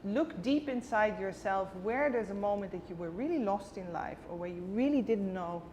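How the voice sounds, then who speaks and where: A woman's voice: mid-range voice, animated, normal speed, darkish tone. A woman guest telling a personal story vividly and emotionally in a conversation, acting out the dialogue. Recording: long reverb with faint background noise.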